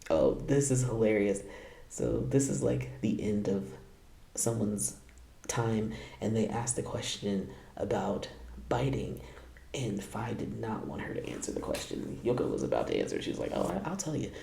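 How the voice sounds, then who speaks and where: A man's voice: on the low side, expressive, moderate pace, creaky, dark tone, roomy sound. A man hosting a casual reaction video, laughing often and tossing out playful asides.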